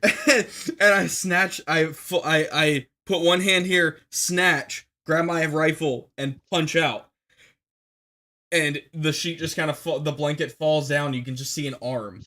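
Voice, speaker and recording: A young man telling a war story on a podcast, rambling with many fillers and restarts, and shouting when he acts out commands. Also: on the high side, steady tone, slow pace.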